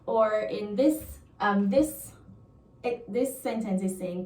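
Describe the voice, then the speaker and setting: Jamaican lady teaching a lesson, slow and patient, mellow voice, echoey room a bit off-mic. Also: medium pitch, far from the mic. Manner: patient explaining, repeats example phrases with lively emphasis. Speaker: language teacher. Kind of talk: online language lesson.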